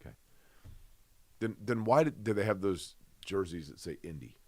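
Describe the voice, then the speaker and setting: Lower-voiced male sports talk co-host. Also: animated, moderate pace, dry recording. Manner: conversational, rhetorical questions, mock grumbling. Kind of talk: casual sports chat.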